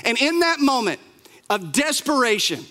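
A man's voice: very high-pitched, very animated, normal speed, bright, forceful tone. Impassioned male preacher in a reverberant hall. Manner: dramatic, impassioned storytelling. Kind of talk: sermon.

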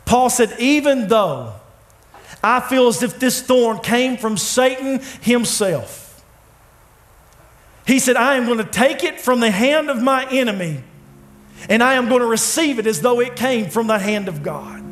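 A man preaching a sermon in a church, with dramatic pauses, swinging from loud, pleading lines to hushed ones. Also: extremely high pitch, lively intonation. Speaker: pastor. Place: church sanctuary.

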